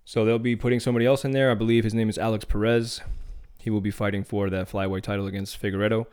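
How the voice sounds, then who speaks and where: A podcast host does a solo MMA news rundown, giving casual, opinionated takes with some restarts. His voice is lowish and a little mellow, with a clean tone and flat delivery at a quick pace.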